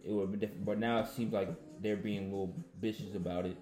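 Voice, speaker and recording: A man's voice: lowish voice, steady tone, fast, echoey room, over music. A man arguing in a casual sports debate, pressing his point and repeating himself when pushed.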